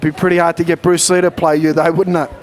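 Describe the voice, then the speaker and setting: An upbeat man hosting a boxing interview show. He asks his questions in a promotional tone, with a fairly high voice for a man. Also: little pitch movement, quick pace.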